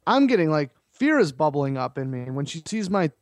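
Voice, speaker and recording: A man telling a story as a podcast guest, rambling and filler-heavy, with animated retelling. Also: on the high side, a little fast, no echo. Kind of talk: casual storytelling.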